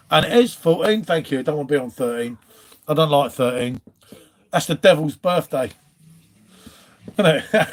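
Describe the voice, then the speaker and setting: A man from England hosting a casual live stream from home, rambling and chatting to viewers as he reads out their comments. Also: high-pitched. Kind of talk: casual chat.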